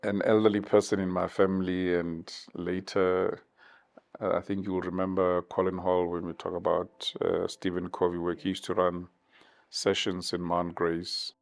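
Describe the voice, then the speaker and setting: A man in his fifties from South Africa, giving measured, thoughtful interview answers with many pauses. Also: deep voice, completely flat delivery, vocal fry. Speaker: interview guest.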